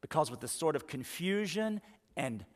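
A male pastor preaching a sermon, retelling scripture with dramatic pauses and slowing on key words. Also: on the high side, very animated. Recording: long reverb of a church hall.

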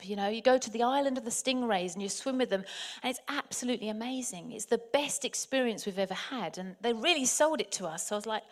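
A woman from England recounts a personal story in an animated, chatty manner. Her voice sits a little high, and she keeps turning to speak straight to her listeners. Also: fast talker. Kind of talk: anecdotal storytelling.

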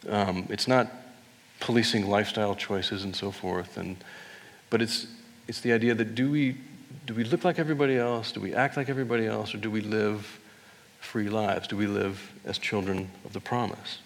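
A male pastor gives a loose, chatty sermon, circling back and restarting his phrases as he thinks aloud. His voice sits fairly low and carries a gravelly edge. The sound rings out with a long reverb from the church hall. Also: fairly even intonation, moderate pace. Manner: conversational, rambling with restarts. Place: church sanctuary.

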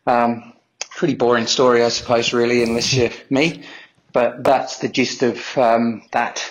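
A man's voice: mid-range voice, rough recording. A man telling a rambling, self-deprecating anecdote in a voice message he recorded as a fan. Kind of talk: storytelling anecdote.

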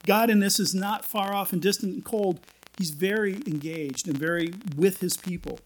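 A man's voice: high-pitched, normal speed, rough recording. A man giving a casual, conversational sermon, retelling scripture in everyday language with frequent restarts and playful asides. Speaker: preacher.

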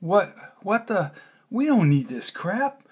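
A man voicing a tough, protective middle-aged uncle in an audiobook, gruff and blunt, given to cursing. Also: sits high, big pitch swings, takes it slowly, pitched above the performer's own voice, full character voice. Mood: irritated. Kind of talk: audiobook character reading.

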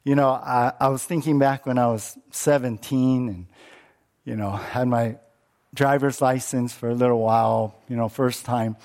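A man's voice: mid-range voice, steady tone, normal speed, a little mellow. A male pastor preaching a sermon in a conversational way, often asking listeners questions and repeating words.

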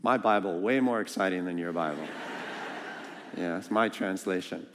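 A man preaching a sermon as a guest speaker, lively and joking, asking the congregation questions. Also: low voice, moderate pace, long reverb tail, noisy background. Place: church sanctuary.

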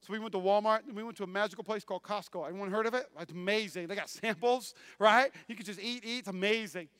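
A man preaching a sermon as pastor, swinging between loud declarations and quiet asides. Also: high-pitched, fast, clear, resonant tone, no echo.

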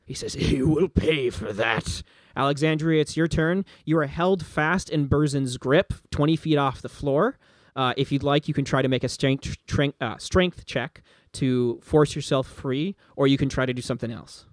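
A man runs a tabletop game in a somewhat high voice. He narrates with animation and frequent fillers. The sound is dry and close. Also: fairly even intonation, moderate pace, no room sound. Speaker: game master.

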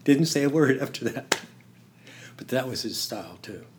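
An older man telling stories in an interview, halting and laughing, dropping to a hush when he quotes someone. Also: mid-range voice, animated, noisy background. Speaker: interview guest. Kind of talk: storytelling in conversation.

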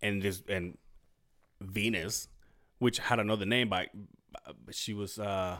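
A man's voice: lowish voice, fairly even intonation, unhurried, fairly bright tone. A male podcast host telling a rambling, profane story in casual chat, acting out what people said and correcting himself as he goes.

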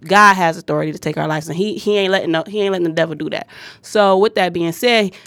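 A woman's voice: lowish voice, fast talker, a bit bright, dry recording. Blunt, profane woman preaching casually. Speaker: podcast co-host. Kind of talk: casual podcast chat.

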